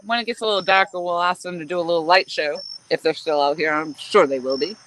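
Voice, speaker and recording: A woman with a fairly low, slightly bright voice talks fast while hosting a fishing livestream from a riverbank at dusk, crickets chirping behind her. Out of breath, she chats casually and rambles cheerfully. The audio is poor, with slight background noise.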